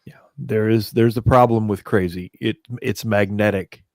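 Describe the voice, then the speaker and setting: A man's voice: on the low side, fairly even intonation, moderate pace, a little mellow, dry recording, clean studio sound. A man co-hosting a casual talk show, speaking emphatically and agreeing with the others. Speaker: co-host. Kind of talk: casual podcast banter.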